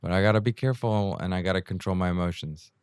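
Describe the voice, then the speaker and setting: A man's voice: low voice, quick pace, clear, resonant tone, no echo, studio quality. A young adult man hosting his own podcast, rambling through a casual solo monologue on a new home mic, often laughing at himself. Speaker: podcast host. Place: indoors at home during a rainstorm.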